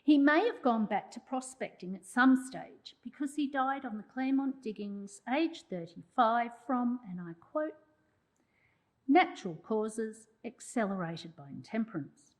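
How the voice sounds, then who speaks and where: A woman's voice: a little high, lively intonation, a little slow, darkish tone, poor audio. A woman, a journalism historian delivering a prepared public lecture with wry asides to the audience. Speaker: journalism historian giving an oration.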